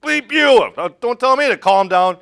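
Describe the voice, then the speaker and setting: A man voicing a panicked, angry male patient who curses and shouts at his rescuer. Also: very high voice, expressive, moderate pace, vocal fry, voice pushed up, heavily acted. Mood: furious. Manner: shouting, agitated.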